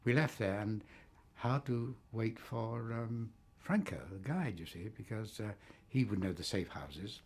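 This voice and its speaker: Older man, husky, rambling war memories. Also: fairly low pitch, animated, unhurried. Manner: rambling and anecdotal, with frequent fillers and chuckles. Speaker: war veteran recounting his escape. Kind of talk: oral history recollection.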